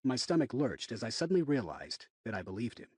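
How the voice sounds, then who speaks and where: A male audiobook narrator reading a dark thriller in first person, his pitch moving lively through each line. The voice is husky and mid-range, recorded dry in a booth. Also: a little fast, dry recording.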